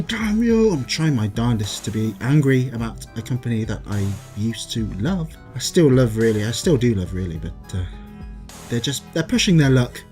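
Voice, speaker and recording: A man's voice: mid-range voice, darkish tone. A man from England ranting casually about a game company, exasperated and sarcastic, with sighs and asides. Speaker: gaming video creator. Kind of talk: casual gaming rant.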